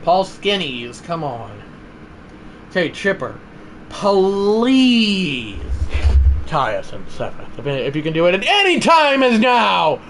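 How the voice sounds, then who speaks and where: Calling a ball game live, this excitable young man speaks slowly, yelling when big plays land and then sinking into a mutter. His voice sits fairly high, and a little room noise hums beneath it.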